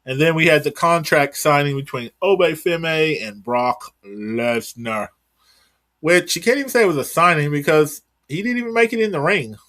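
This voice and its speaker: A man's voice: a little high, expressive, moderate pace, a bit bright. A man co-hosting a casual wrestling recap podcast, loose and rambling, swearing offhandedly as he runs through results. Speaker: podcast co-host.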